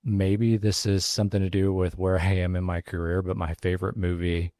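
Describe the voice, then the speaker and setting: A man who runs a barbecue restaurant, telling a story as an interview guest, casual and halting with lots of fillers and restarts. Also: sits low, little pitch movement, warm tone, no room sound, clean studio sound. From Texas. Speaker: pitmaster and restaurant owner, guest.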